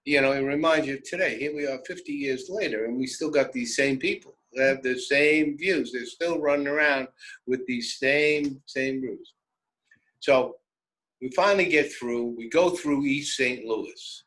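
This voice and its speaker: An older man with a New York accent spins a road story in a bright, forceful voice that sits at an ordinary pitch for a man. He talks in an animated, wry, conversational way, like someone recalling his own youth for radio listeners. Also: normal speed, low-quality recording. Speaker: radio host. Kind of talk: personal storytelling.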